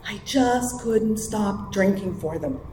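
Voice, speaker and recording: A woman's voice: mid-range voice, slow, mellow, reverberant, a little hiss or hum. A woman sharing her recovery story at a meeting, in a wry, conversational way, often checking in with her listeners. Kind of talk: personal testimony at a recovery meeting.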